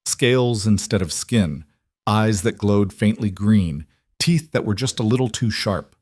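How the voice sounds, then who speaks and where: Low-voiced man narrating a storybook. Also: unhurried, darkish tone, breathy edge, no echo, studio quality.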